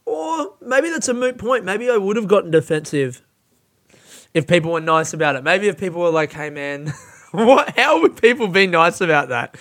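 A man hosting a solo podcast, ranting with lots of swearing and self-mockery, swinging from low mumbles to loud yelling. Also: sing-song, brisk. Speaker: podcast host.

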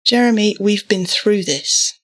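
A woman voicing a weary mother who speaks in a firm, measured way. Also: medium pitch, natural voice.

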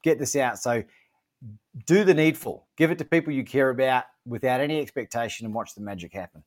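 An Australian man speaks as a podcast guest, upbeat and emphatic as he promotes his work. His voice sits in an ordinary middle pitch, and his talk is casual and direct. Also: fairly quick. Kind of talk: casual interview chat.

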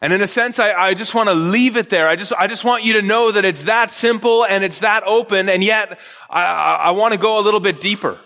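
Male pastor, high bright voice, earnest sermon with repeated restarts, long hall reverb. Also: a little fast.

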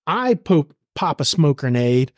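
Very animated, on the high side and at a measured pace, a middle-aged former army sergeant major shares intense combat stories as a guest in a podcast interview. His telling is blunt, profane and vivid, complete with acted-out shouted orders, in a dry, clean studio recording.

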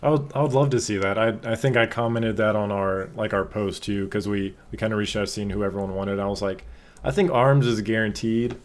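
A man's voice: lowish voice, fairly even intonation, brisk, hardly any pauses. A man co-hosting a casual gaming chat, hesitant and full of fillers, putting questions to the others. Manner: hesitant, lots of fillers, asks the group questions. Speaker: podcast co-host.

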